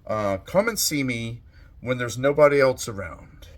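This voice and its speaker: A man voicing a calm older male Zen master, speaking quietly and cryptically in a parable. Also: medium pitch, measured pace, natural voice. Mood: serene.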